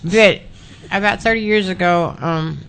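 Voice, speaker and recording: A woman's voice: on the low side, a little slow, crowd noise. A woman guest telling a plain, folksy story in a casual chat.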